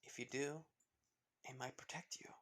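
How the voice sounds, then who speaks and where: A man voicing a kind, protective teenage boy hero who speaks in soft, quiet reassurance. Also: mid-range voice, steady tone, normal speed, natural voice. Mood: tender.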